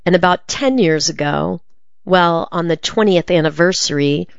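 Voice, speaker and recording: Low-voiced woman reading an article. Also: normal speed, gravelly, clean tone, no room sound, lo-fi sound. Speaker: article reader. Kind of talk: reading a magazine interview aloud.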